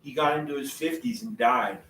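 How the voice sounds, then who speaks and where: This vlogger's voice is mid-range, brisk and fairly bright, and he rambles casually with lots of restarts and chuckles to himself. He was recorded far from the mic in an echoey room with faint noise.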